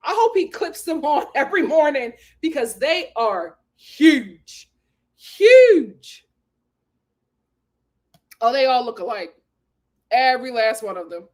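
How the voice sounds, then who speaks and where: High-voiced animated woman recap host. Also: moderate pace. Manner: animated, exclamatory, laughs often. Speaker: host of a reality TV recap channel. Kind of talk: casual live recap chat, reading viewer comments.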